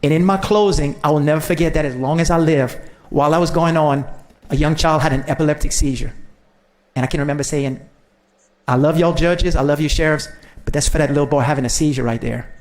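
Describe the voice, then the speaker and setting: A man's voice: on the high side, fairly quick, darkish tone. A man, a state senator giving a folksy, storytelling farewell speech to the legislature.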